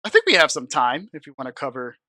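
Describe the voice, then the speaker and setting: A man's voice: mid-range voice, sing-song, quick pace, pushed and bright, dry recording. A man co-hosting a podcast, chatting and teasing casually, swearing now and then. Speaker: podcast co-host. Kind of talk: casual chat.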